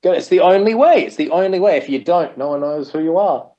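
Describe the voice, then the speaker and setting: A man talking as a podcast guest with a very lively, bouncing pitch that swings from low chatter to high shouting. He laughs easily and talks with big, theatrical energy. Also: quick pace, dull audio. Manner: animated, laughs often, bursts into a high shouted promo voice. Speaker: podcast guest, metal singer. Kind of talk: casual chat. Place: in Japan, remote call.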